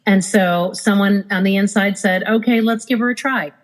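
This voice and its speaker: Woman guest on a podcast, animated storyteller, middle pitch, does little voices for people. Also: moderate pace, low-quality recording. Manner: animated, acts out quoted people. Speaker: podcast guest, former cruise director. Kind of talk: casual storytelling.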